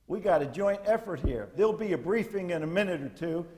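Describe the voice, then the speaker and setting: A man's voice: high-pitched, expressive, a little fast, few pauses, darkish tone. Older man, blunt retired Marine general. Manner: folksy, blunt military talk with salty asides. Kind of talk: lecture to cadets.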